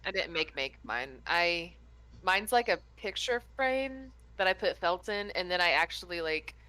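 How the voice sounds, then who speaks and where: Low-voiced woman chatting at a game table, kinda hesitant, bright tone. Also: animated, unhurried, slight background noise, rough recording. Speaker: player. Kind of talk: casual chat at a tabletop game.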